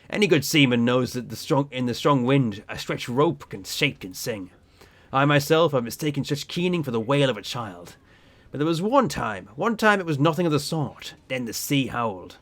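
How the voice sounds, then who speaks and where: A man reading the lines of a gruff old male sea captain who drinks alone, in a slow, heavy storytelling way. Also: medium pitch, a bit bright.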